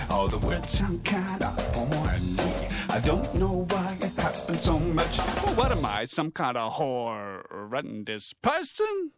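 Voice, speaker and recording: A bumbling comic who is losing his hearing, half-singing and half-talking through a musical theatre patter song. The delivery is unhurried and swoops widely in pitch. A loud band with drums plays under the whole number. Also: heavily acted. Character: man going deaf, doing comic stand-up song. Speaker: singer in a stage musical. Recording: cast recording over loud band.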